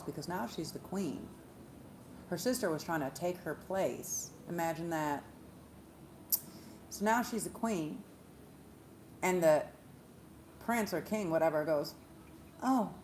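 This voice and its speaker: A woman, a spiritual reader, retelling a story in a profane, animated monologue. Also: low voice, slight background noise. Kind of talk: casual monologue vlog.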